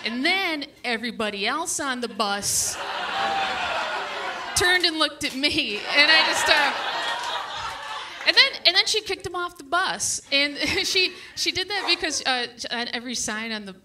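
A woman doing a stand-up set on a brewery stage, telling stories in a halting, stammering way. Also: sits high, lively intonation, noisy background. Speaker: stand-up comic. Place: brewery stage with live audience.

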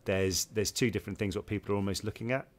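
An English man co-hosting a relaxed interview podcast, his voice sitting on the lower side. He rambles through anecdotes, restarting sentences and chuckling as he goes. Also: fast. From England. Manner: rambling, restarts sentences, laughs while telling stories. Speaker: podcast co-host. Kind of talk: casual interview chat.

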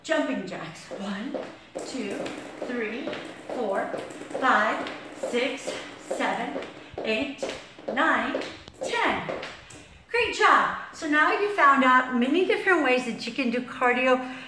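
A somewhat high-voiced woman leads an exercise lesson, counting reps as she moves and running short of breath. She talks slowly and sits back from the mic. The room around her is very echoey, with a light hiss behind. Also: expressive, far from the mic. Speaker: fitness instructor. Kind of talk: workout demonstration.

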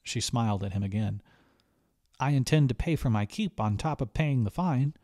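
A man's voice: mid-range voice, moderate pace, mellow, dry recording, clean studio sound, lightly acted. A man voicing an earnest young girl stowaway, speaking in a raised, pleading voice. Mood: eager.

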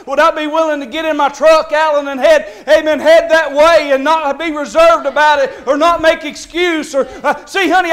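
A man's voice: very high-pitched, fairly bright tone. A middle-aged man preaching a Baptist sermon in a church, pleading and calling on people by name. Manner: impassioned, pleading, calls on congregants by name. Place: church sanctuary.

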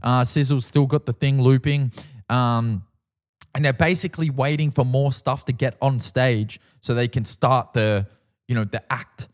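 Profane, animated Australian man telling stories. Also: mid-range voice, unhurried. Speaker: podcast host. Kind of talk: casual storytelling.

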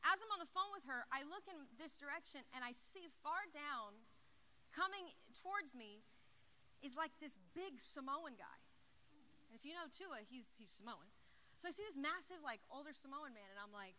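A young woman giving a youth service message, telling a story in an excited, chatty way with lots of "like" into a handheld mic. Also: sits high, normal speed, slight background noise. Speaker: youth speaker.

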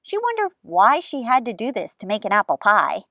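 A woman telling a children's picture book story with an expressive read-aloud manner, outdoors in an orchard. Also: on the high side, moderate pace, no echo.

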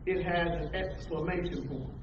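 A man preaching a call-and-response sermon to a congregation, animated and calling out questions for them to answer. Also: on the high side, normal speed, noisy background. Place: church hall with a congregation. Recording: echoey room from far off, dull lo-fi.

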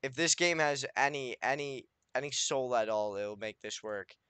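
A young man giving anxious, swearing commentary as he plays a survival game, talking to himself and pleading out loud. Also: medium pitch, moderate pace, smooth, dry recording. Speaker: gaming YouTuber. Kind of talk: Minecraft let's play commentary.

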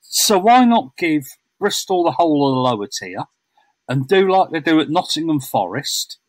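A man's voice: on the high side, sing-song, moderate pace, no room sound, rough recording. A man co-hosting a casual football podcast, blunt and sweary, teasing the others. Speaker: podcast co-host. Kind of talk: casual chat.

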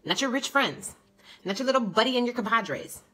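A woman's voice: fairly high pitch, expressive, fairly quick, sharp tone, poor audio. A young woman vlogger delivering an indignant, sarcastic political rant to her camera. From United States.

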